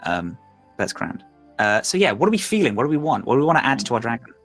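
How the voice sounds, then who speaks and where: A man narrates as game master, with a bright, forward voice. He rambles through the scene with plenty of fillers and drops into quick voices for side characters, with faint music underneath. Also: mid-range voice, very animated.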